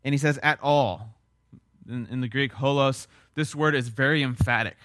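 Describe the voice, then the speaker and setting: A man's voice: mid-range voice, fairly quick, a bit bright, dry recording, clean studio sound. A man preaching a sermon as a pastor, earnest and emphatic, with repeated phrases and rhetorical questions.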